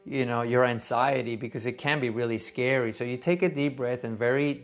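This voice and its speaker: A man, a neonatologist, giving earnest, conversational teaching advice in a gentle tone. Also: mid-range voice, fairly quick, hardly any pauses. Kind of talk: casual teaching talk.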